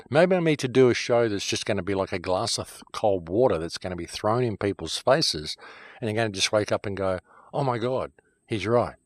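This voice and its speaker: A middle-aged man with a deep, low voice hosts his own show from a shed studio out in the countryside. He delivers an emphatic, heated monologue that eases into calmer, wry asides. The sound is close and dry, with no room echo. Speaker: host. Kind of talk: ranting monologue to camera.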